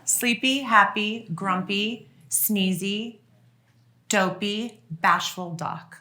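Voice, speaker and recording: Bright-voiced woman telling family stories. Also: mid-range voice, extremely slow. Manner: chatty, laughs often, many fillers and restarts. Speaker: author and guest speaker. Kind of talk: casual storytelling to an audience.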